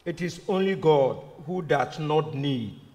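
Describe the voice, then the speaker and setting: A man delivers a sermon in a high voice that rises and falls freely, taking his time and repeating key phrases. He often puts rhetorical questions to his listeners. The sound carries the long reverb of a church hall. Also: lively intonation, takes it slowly, darkish tone. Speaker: preacher.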